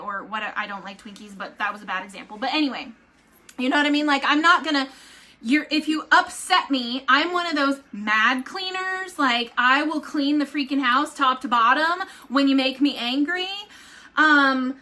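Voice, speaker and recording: A middle-aged woman, chatting casually to camera in a rambling, animated way. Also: high-pitched. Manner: chatty, rambling, animated, says "like" and "right?" a lot. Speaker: vlogger.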